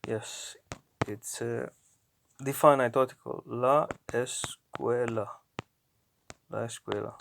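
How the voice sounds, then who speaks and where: A man narrating his own language lessons, talking slowly and haltingly and often correcting himself. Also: medium pitch, a little hiss or hum. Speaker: language learner. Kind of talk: narrating app lessons aloud.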